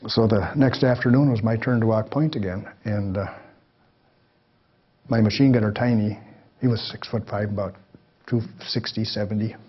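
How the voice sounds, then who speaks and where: A man's voice: lowish voice, fairly even intonation, moderate pace, pauses often, breathy edge, lo-fi sound. A man in his sixties telling folksy personal stories to a live audience, acting out the voices of the people in them. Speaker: guest speaker. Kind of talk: storytelling talk to a live audience.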